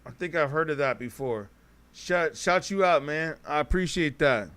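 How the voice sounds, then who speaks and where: Smooth-voiced man rambling on a livestream. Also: on the high side, normal speed, fairly bright tone. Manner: rambling, talks to chat, self-correcting. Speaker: podcast host reading live chat. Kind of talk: casual livestream commentary.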